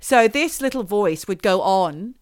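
A woman tells a story on a casual podcast, animated and eager to act out the voices. Her voice sits mid-range, and the recording is close and dry. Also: medium pitch, measured pace, no echo. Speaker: podcast co-host.

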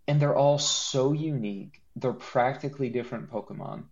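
A man co-hosting a podcast in casual chat, animated and joking, with a lot of laughing and restarts. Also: mid-range voice, normal speed, lo-fi sound. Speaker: podcast co-host.

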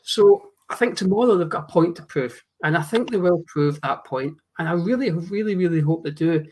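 A man, co-hosting a football podcast, emphatic and swearing in fast bursts. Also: fairly high pitch, darkish tone, slight background noise. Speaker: podcast co-host. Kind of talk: casual football chat.

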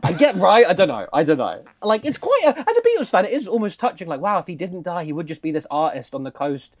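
A man's voice: high voice, fast. A young man, co-host of a casual podcast, animatedly recounting a film plot with laughs and swearing. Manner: animated, laughing, swearing, acts out quoted lines.

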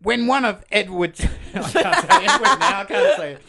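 Gravelly man, giggly. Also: very high-pitched, very animated, moderate pace, bright, forceful tone. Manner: giggles through reading, swears a lot. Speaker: podcast co-host. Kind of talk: crude comedic banter.

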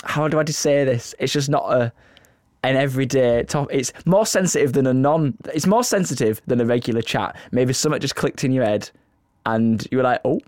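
A man co-hosting a casual podcast, teasing his co-host with quick banter. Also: mid-range voice, darkish tone, no room sound, clean studio sound. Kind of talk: casual chat.

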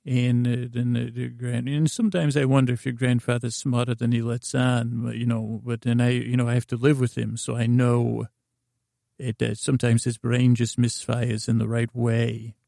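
A man's voice: mid-range voice, flat delivery, moderate pace, vocal fry, dark tone, no room sound, clean studio sound. A man telling a meandering bedtime story with lots of hesitant asides.

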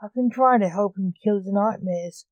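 A woman voicing the Sandman, a gentle male dream spirit who explains things earnestly, in a storybook reading. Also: medium pitch, normal speed, dry recording, lo-fi sound, lightly acted.

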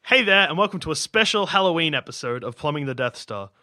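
High-pitched man fumbling an intro. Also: animated, fast, pushed and bright. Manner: keeps fumbling the intro, laughing and swearing. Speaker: podcast host reading the intro. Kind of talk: casual chat, repeated intro takes.

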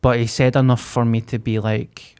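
A man's voice: medium pitch, level tone, moderate pace, darkish tone, smooth. A man, co-hosting a podcast and telling a vivid, sweary story in casual chat. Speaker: podcast co-host.

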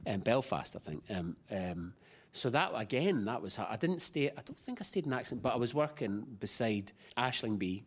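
A man's voice: mid-range voice, sing-song, normal speed, husky. A middle-aged man, an actor being interviewed, talking in a chatty, rambling way with many restarts. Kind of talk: casual interview chat.

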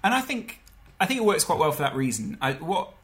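A man's voice: on the high side, sing-song, brisk, a bit bright. A man in his twenties, a podcast guest chatting casually and joking, laughing easily. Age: 20s. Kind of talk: casual chat.

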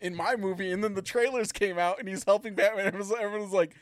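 A young man with a high voice rants about movies in a casual chat with friends. He is animated and profane, laughing as he acts out quotes. The sound is dry and close. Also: racing, no echo.

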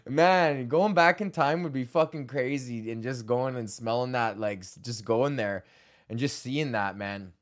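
A man's voice: medium pitch, measured pace. A young man from Canada hosting his own podcast, rambling casually while stoned, swearing a lot and laughing often. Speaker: podcast host.

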